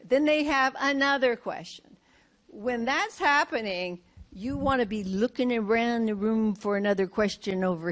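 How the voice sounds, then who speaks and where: Slow, lively older woman lecturing. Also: fairly high pitch. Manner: lively, direct coaching with rhetorical questions and acted examples. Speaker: presenter teaching presentation skills. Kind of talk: lecture to a live audience.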